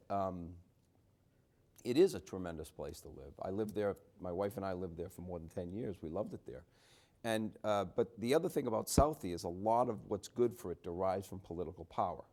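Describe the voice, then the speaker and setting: A man's voice: on the low side, lively intonation, normal speed, darkish tone. A middle-aged man from the Boston area, an author speaking at a book talk in a chatty, storytelling way with many restarts and wry asides. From Boston area, USA. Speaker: author and journalist.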